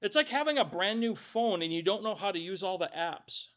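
A man's voice: high voice, lively intonation, a little fast, a bit bright. A male pastor giving a conversational sermon, reading scripture aloud and adding joking asides.

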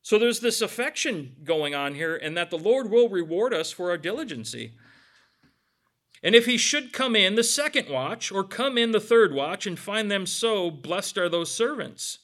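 A middle-aged male pastor delivering a sermon in a loose, conversational way, dropping casual asides between readings. His voice sits a little high and sounds bright and forward. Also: big pitch swings, normal speed.

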